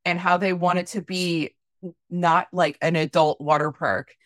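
A woman chatting on a podcast with a rambling, wry delivery and frequent restarts. Her voice is on the lower side and recorded dry and close. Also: fairly even intonation, measured pace, dry recording. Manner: rambling, self-interrupting, wry. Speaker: podcast co-host. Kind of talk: casual podcast chat.

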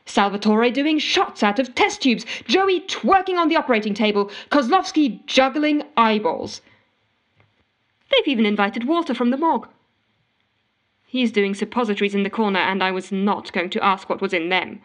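Actress as a desperate, wry woman narrating in a comedic audio drama; exasperated, slightly high pitch. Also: normal speed, natural voice. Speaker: narrating character.

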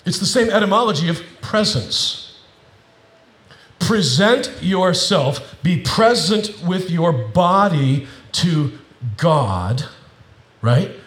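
A middle-aged male pastor giving a sermon, with animated preaching that builds to emphatic repetitions. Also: a little high, slow, reverberant.

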